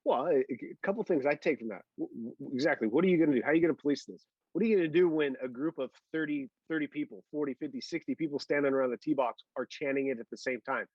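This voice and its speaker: A man talking very fast and bluntly on a casual golf podcast, hammering his points with repetition. His voice sits a little high. The sound is dry and slightly dull. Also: slightly rough, no room sound. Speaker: podcast co-host.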